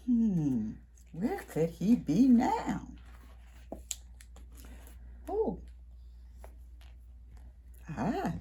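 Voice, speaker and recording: With a deep, slightly rough voice, a woman brings a picture book to life for preschoolers at a library storytime. She's animated, gasping and whispering little asides to the children.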